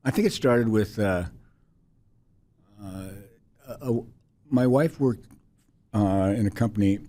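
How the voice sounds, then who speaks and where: A man in his sixties, a podcast guest telling a personal story in a halting, reflective way with many restarts. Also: fairly low pitch, dark tone. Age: 60s.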